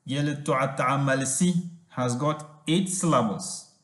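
A man giving a language lesson, reading slowly and sounding out words syllable by syllable. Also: medium pitch, fairly bright tone, roomy sound. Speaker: language teacher.

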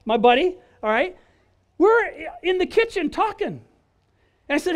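At an outdoor church service in a park, a middle-aged guest speaker shares his testimony in a high-set, expressive voice at a measured pace. He's animated and conversational, acting out the people he quotes and often asking the crowd "right?"

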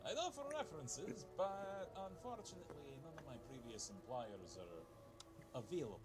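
Wry, lively wandering bartender. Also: male voice, fairly high pitch, normal speed, over loud music. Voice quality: dry, wry storyteller delivery. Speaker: bartender applicant.

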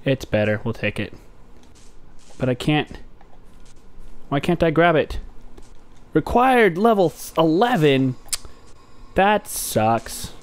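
A young man commentating his gameplay, jumpy and talking back at the game, yelping and shouting at times. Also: on the high side, very animated, slow, long pauses, clear, resonant tone. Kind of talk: let's play commentary. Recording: noisy game audio underneath.

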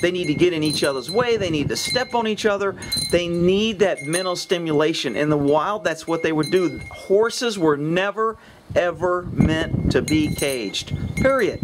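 A man's voice: on the high side, animated, moderate pace. A man, a horse trainer, talking bluntly and with cursing in a casual outdoor vlog by a pasture. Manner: blunt, ranting, profane. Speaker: horse trainer, channel host. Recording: wind hitting the microphone. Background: wind and wind chimes.

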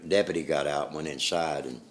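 An older man recounting his memories in an interview, plain-spoken and halting, with pauses and restarts. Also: extremely low pitch, faint music behind.

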